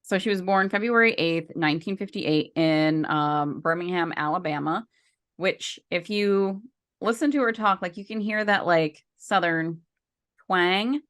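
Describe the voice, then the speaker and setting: A woman's voice: fairly low pitch, measured pace, a bit bright. A woman co-hosting a podcast, chatting casually and rambling with lots of fillers and restarts. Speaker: podcast co-host.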